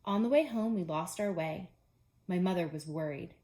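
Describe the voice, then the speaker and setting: A calm, patient male frog speaks in a steady, encouraging way and drops to a hush for a spooky story, as a woman reads him aloud. He is a gentle character in a children's storybook. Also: on the low side, normal speed, echoey room, natural voice. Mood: storytelling.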